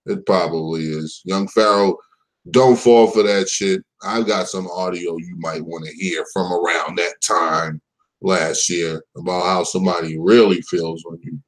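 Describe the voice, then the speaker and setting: A man hosts a casual live commentary stream in a low, unhurried voice. He drawls through his points, swears freely and mocks the people he talks about, often laughing at his own jokes. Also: steady tone, rough recording.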